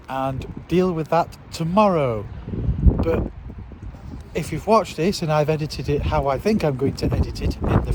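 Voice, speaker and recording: A man's voice: on the high side, heavy background noise. Chatty man vlogging outdoors. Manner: chatty, wry and self-mocking. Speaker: monster truck driver vlogging. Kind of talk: casual travel vlog. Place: outdoors at a show site and on a ferry.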